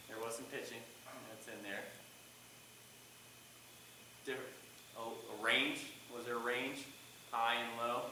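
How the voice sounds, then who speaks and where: A man's voice: medium pitch, sharp tone, a little hiss or hum. A middle-aged man teaching a public speaking class, questioning the students and shifting his volume often. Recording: echoey classroom from far off.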